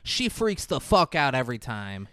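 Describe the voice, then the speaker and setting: Lively teasing man on a podcast. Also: mid-range voice, dry recording. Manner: teasing, quick interjections. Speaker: podcast co-host. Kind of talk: casual film review chat.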